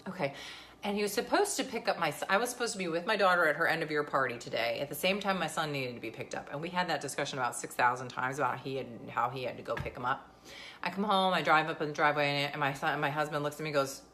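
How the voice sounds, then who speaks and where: A woman's voice: low-pitched, animated, quick pace, bright, forceful tone. A woman, talking casually and sarcastically to camera as a vlogger. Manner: chatty, sarcastic, venting.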